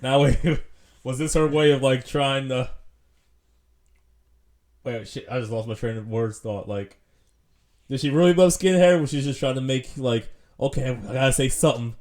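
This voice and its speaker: A man's voice: mid-range voice, normal speed, long pauses, darkish tone. A man co-hosting a casual podcast, laughing often and chiming in with questions. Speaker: podcast co-host.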